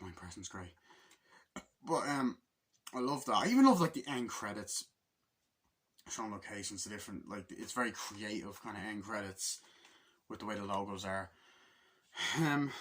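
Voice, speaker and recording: A man reviewing a film in casual, breathless talk, cursing at every turn and jumping into the action. His voice is bright and strained, with a husky, slightly rough texture. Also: on the low side, normal speed, long pauses. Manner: excitable and heavily profane, acts out scenes in loud impressions. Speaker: movie reviewer.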